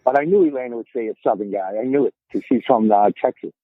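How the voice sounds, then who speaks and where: A man's voice: medium pitch, fast, no room sound. Boston man rambling over a tinny line. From Boston area, USA. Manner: rambling, repeats words as he starts sentences. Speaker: podcast guest. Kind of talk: casual storytelling chat.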